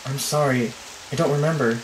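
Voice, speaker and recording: A man reading the lines of a shaken young girl who was possessed, explaining herself in a hesitant, halting way. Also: medium pitch, fairly even intonation, background noise, close to an everyday voice. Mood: uneasy. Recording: roomy echo.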